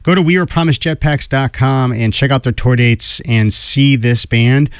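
A man hosting a radio music show, a little hoarse, chatting enthusiastically between songs. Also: mid-range voice, moderate pace, no echo. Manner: enthusiastic, conversational. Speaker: radio host.

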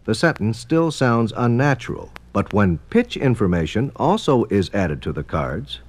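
A man's voice: on the low side, big pitch swings, moderate pace. A man giving formal, explanatory scripted narration for a documentary.

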